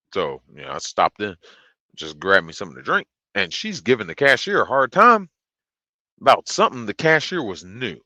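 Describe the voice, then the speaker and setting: A man streamer telling a story in a casual, profane, blunt and animated way. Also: deep voice, dry recording.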